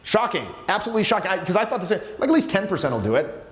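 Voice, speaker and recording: A man coaching a live workshop on social skills, talking in an animated, emphatic way with many restarts. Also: high-pitched, racing, slight background noise. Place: seminar room with students. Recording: echoey room.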